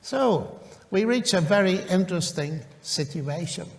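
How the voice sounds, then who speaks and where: A man with a high-pitched voice tells a story in a public lecture, with dry humour, acting out both sides of a remembered conversation. His voice rings with the long reverb of a big lecture hall. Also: animated, a little slow, gravelly. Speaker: university professor giving a public talk. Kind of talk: anecdotal lecture with recounted dialogue.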